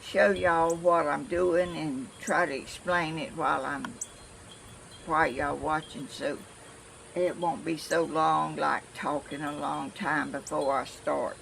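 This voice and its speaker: An older woman from Georgia with a flat Southern accent, chatting casually and rambling to her viewers as she shows a crafting project at home. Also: deep voice, gravelly, slight background noise, rough recording. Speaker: craft vlogger.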